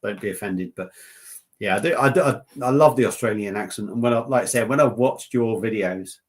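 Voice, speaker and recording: A man's voice: lowish voice, fairly quick. A man hosting a casual beer-review livestream, joking and rambling with plenty of swearing.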